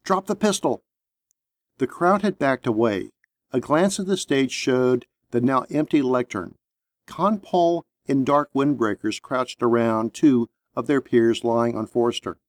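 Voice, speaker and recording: Steady male audiobook narrator. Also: medium pitch, dry recording.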